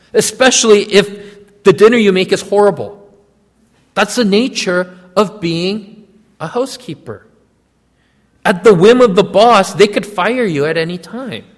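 A man's voice: sits high, in a large hall. A man preaching a sermon, telling a story and speaking directly to his listeners. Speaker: pastor.

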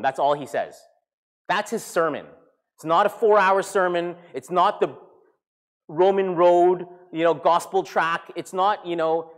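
A man, a pastor, preaching a sermon with animated storytelling and acted-out voices. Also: sits high, a little slow. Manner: animated storytelling, acting out characters.

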